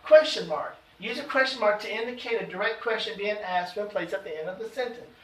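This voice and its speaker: A man teaching an adult education grammar lesson, slowing down to read out example sentences with emphasis. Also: high voice. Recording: echoey room, voice from far off.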